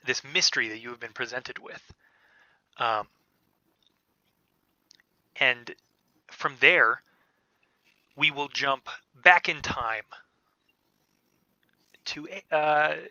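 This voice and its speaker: A man narrating a tabletop game as game master, in a casual, halting way with many fillers. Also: mid-range voice, bright, forceful tone, no echo. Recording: dull, lo-fi podcast audio.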